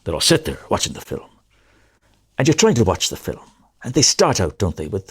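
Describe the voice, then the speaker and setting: A man's voice: low-pitched, wildly swooping pitch, fairly quick, husky. A middle-aged male comedian chatting as a podcast guest, telling rambling anecdotes and correcting himself often. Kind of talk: casual podcast chat.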